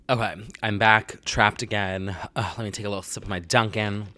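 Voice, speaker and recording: Young male vlogger, lowish voice, dry close sound, rambling and confessional, lots of "like.". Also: fairly even intonation, moderate pace, few pauses, sharp tone, no echo. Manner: rambling, self-deprecating, heavy use of "like"; confessional and candid. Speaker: vlogger host. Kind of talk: casual chat to camera.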